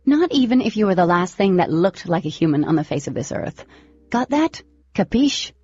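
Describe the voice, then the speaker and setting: A woman voicing a defiant teenage girl who snaps back in loud, indignant retorts. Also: on the low side, lively intonation, moderate pace. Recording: slightly lo-fi with faint music.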